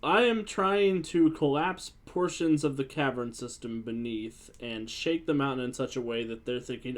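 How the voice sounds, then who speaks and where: Excited guy at a tabletop game, medium voice, goofing around. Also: mid-range voice, moderate pace, few pauses. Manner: excitable and playful, hams it up. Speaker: player. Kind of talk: casual tabletop play.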